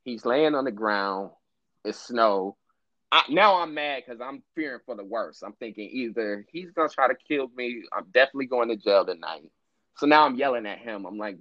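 A man's voice: fairly low pitch, moderate pace, no room sound, highs cut off. A man telling a long story in casual chat, swearing freely and acting out what people said. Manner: profane, animated storyteller acting out quotes.

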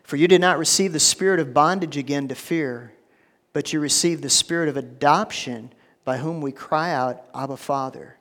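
A man delivers a sermon in an easy, conversational way, tripping over repeated words as he goes. His voice sits a bit high for a man. The sound rings with the long reverb of a large church hall. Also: moderate pace, a bit bright. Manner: conversational, repeats words, frequent "you know". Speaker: pastor.

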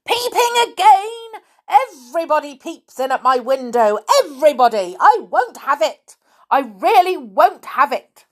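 A woman voicing a hot-tempered little male pixie who rants and shouts in a storybook reading. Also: medium pitch, lively intonation, slow, gravelly, slightly rough, exaggerated voice. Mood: furious. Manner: shouting, ranting.

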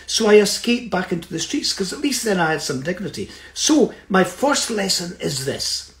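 Earnest and reflective, a high-voiced middle-aged man shares a personal story, occasionally checking in with those listening. His voice carries a roomy echo in the recording.

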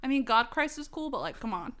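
A woman's voice: fairly high pitch, very animated, fast, a bit bright. A young woman co-hosting a podcast, reading fan fiction aloud and breaking off to comment with giggles. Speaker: podcast co-host.

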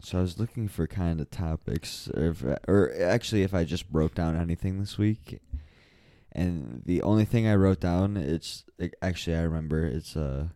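A man's voice: sits low, expressive, moderate pace, mellow, no echo, studio quality. A young man co-hosting a podcast, riffing on crude jokes in casual chat and laughing often. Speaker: podcast co-host.

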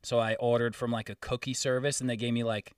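A man's voice: medium pitch, little pitch movement, fast talker, clear, resonant tone, dry recording, distant mic. A young man co-hosting a casual chat, laid-back and chiming in. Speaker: podcast co-host. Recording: dry, a bit off-mic.

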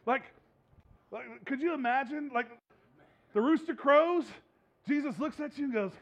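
A man's voice: very high-pitched, unhurried, long pauses. A man preaching a sermon as a pastor, in a conversational, humorous way, laughing often. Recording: dull lo-fi recording.

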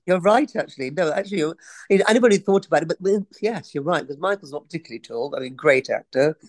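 A woman's voice: deep voice, animated, fast, dry recording. A woman in her sixties from England, an actress chatting casually in an interview, digressing often and laughing easily. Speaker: actress guest.

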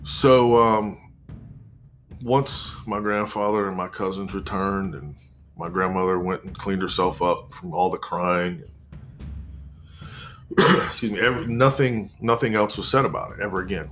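A man in his forties telling a personal story in a measured, reflective way, pausing and restarting as he goes. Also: deep voice, a bit bright, slight background noise.

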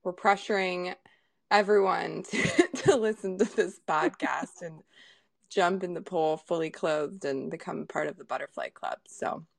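A woman's voice: fairly low pitch, unhurried, vocal fry, no room sound, clean studio sound. A young adult woman hosting a podcast in casual chat, laughing often and restarting her sentences. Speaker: podcast host.

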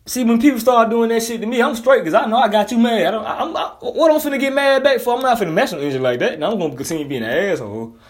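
A man's voice: very high-pitched, quick pace, hardly any pauses. A man delivering a blunt, profane, heated casual monologue as a commentator.

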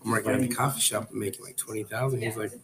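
A man telling his life story as a podcast guest, in a relaxed, rambling way full of likes and restarts. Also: lowish voice, racing, creaky, crowd noise. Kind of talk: casual storytelling. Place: coffee shop.

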